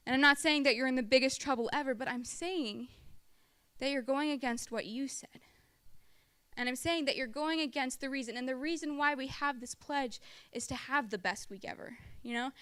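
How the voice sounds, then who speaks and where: A woman's voice: sits high, normal speed, bright, forceful tone, smooth, no room sound. A young woman giving a church testimony about her time as a camp counselor, in a chatty storytelling style full of "like" and acted-out quotes. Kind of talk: personal testimony talk at church.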